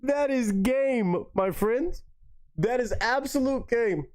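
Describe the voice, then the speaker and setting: A young man hosting a live music reaction stream, talking excitably, swearing freely and repeating lines in disbelief. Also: very high voice, slow.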